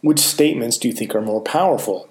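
A man's voice: mid-range voice, expressive, darkish tone. Guy doing a self-help talk, earnest, leans hard on the key words. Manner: earnest, slow and emphatic on key phrases. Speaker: motivational speaker.

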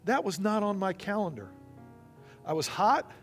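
A man's voice: high-pitched, big pitch swings, normal speed, soft background music. A male pastor preaching a sermon, telling stories and acting out the people in them. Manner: storytelling preacher acting out quoted voices.

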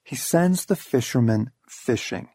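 A man's voice: medium pitch, expressive, a little slow, mellow, husky, no room sound, clean studio sound. A middle-aged man reading a devotional book aloud, with wry, storytelling emphasis. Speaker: audiobook narrator. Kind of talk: scripted devotional narration.

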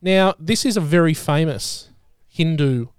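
A man hosting a podcast in casual chat, relaxed and often restarting his words. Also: a little high, unhurried, clear, resonant tone, no room sound, clean studio sound. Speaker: podcast host.

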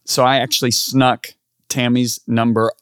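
Pastor-author guest in his sixties, playful and teasing, mid-pitched voice, dry close-mic sound. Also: flat delivery, measured pace, clear, resonant tone, no room sound. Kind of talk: casual podcast chat.

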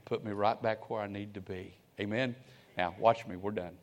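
A man preaching a sermon, swinging between loud calls and hushed, quiet prayer, often repeating his words. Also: lowish voice, steady tone, moderate pace. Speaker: pastor.

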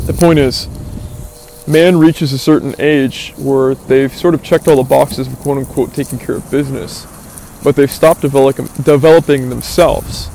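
A man's voice: mid-range voice, vocal fry, mellow, a little hiss or hum. A man giving an earnest, philosophizing monologue, thinking aloud with asides and fillers. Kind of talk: reflective motivational monologue.

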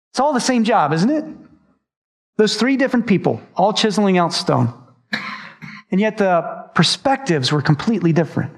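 Pastor, male, high voice, earnest storytelling sermon delivery. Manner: earnest storytelling, addresses the congregation directly.

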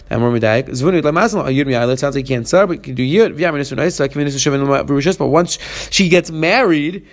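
A man teaching a Talmud page, reading the Aramaic text and explaining it in English. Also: a little high. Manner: reads Aramaic lines then explains in English. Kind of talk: fast Talmud study lesson.

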